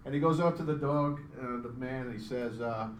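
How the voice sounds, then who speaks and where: A middle-aged startup founder gives a live pitch to an audience in an event room, talking fairly quickly. Chatty and self-deprecating, he jokes with the crowd, and the distant mic picks up roomy sound with a faint hum behind.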